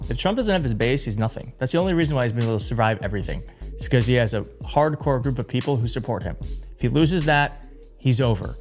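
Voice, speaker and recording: A man hosting a political commentary show, talking in a conversational, indignant way. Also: medium pitch. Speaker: show host.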